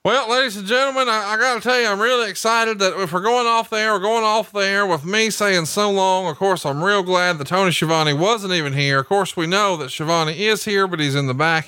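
A man's voice: high voice, sharp tone, smooth, no room sound. A man hosting a podcast, joking and teasing his co-host with crude humor. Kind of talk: casual podcast banter.

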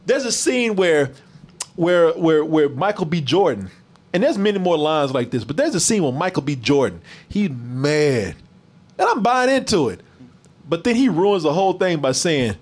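A man reviewing a movie in casual chat with a live stream, animated and profane, mocking bad lines. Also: fairly high pitch, normal speed.

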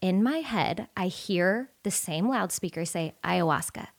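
Woman, thirties, podcast guest, candid storyteller, casual swearing, animated delivery. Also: lowish voice, a little slow.

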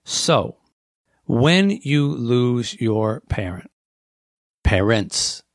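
A man's voice: medium pitch, very animated, very slow, vocal fry, no echo, clean studio sound. A man hosting a talk show on air, speaking earnestly and acting out inner voices as he lists points. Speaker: radio talk show host.

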